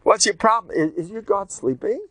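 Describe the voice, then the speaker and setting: A man voicing a mocking old male prophet who taunts idol worshippers in a loud, high, sarcastic voice. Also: lively intonation, moderate pace, no room sound.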